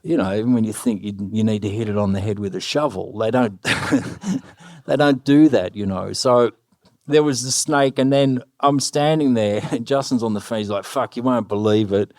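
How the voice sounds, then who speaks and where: A middle-aged man telling anecdotes on stage, animated, swearing freely and acting out the lines of other people. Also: mid-range voice, normal speed, dry recording, studio quality. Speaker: guest musician. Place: live stage before an audience.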